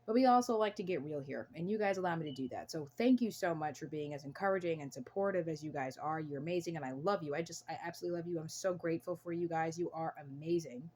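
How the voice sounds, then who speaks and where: A young American woman speaks to camera in an earnest, emphatic way, often saying the same phrase twice for weight. Her voice sits low. A faint background hum runs under the talk. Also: fast, hardly any pauses, a little mellow. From United States. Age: young adult. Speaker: channel host.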